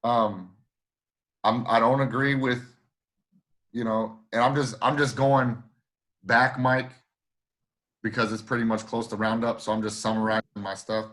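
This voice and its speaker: Man co-host, mid pitch, emphatic, profane, repeats himself. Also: steady tone, unhurried, pauses often, fairly bright tone. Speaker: podcast co-host. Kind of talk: casual podcast chat.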